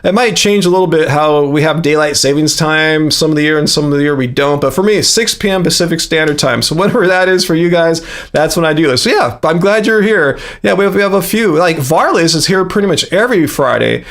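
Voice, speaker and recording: Rambling high-voiced man in his fifties. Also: fairly quick, hardly any pauses, a bit bright. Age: 50s. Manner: rambling, many fillers and restarts. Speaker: livestream host. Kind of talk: casual livestream chat.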